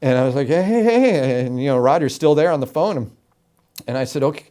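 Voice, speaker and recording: A middle-aged man from Florida, an interview guest telling his story with animated, emphatic delivery and acted-out quotes. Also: mid-range voice, fast. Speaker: interview guest, game show announcer.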